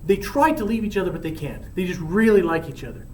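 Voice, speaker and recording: A man casually retelling a classic play in a chatty, slangy, animated way. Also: sits high, fast, roomy sound, distant mic, slight background noise, rough recording. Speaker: storyteller.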